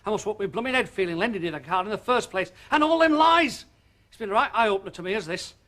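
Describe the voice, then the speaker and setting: An actor playing an older shopkeeper in a TV soap, blustering one moment and tender the next. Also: male voice, high-pitched, rapid-fire, pushed and bright. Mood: indignant. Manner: blustering then tender, with northern turns of phrase. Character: older male shopkeeper, bluff and soft-hearted. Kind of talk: TV soap drama.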